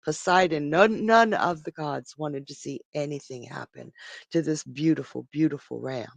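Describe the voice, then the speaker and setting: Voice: mid-range voice, normal speed, creaky, dry recording. A psychic telling an ancient myth on a casual live stream, chatty and laughing at their own jokes. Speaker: psychic storyteller.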